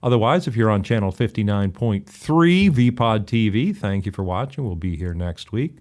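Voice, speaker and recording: A man's voice: on the low side, lively intonation, darkish tone. A middle-aged man hosting a talk show, chatting casually and often stumbling into restarts. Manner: halting, stammering restarts. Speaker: host.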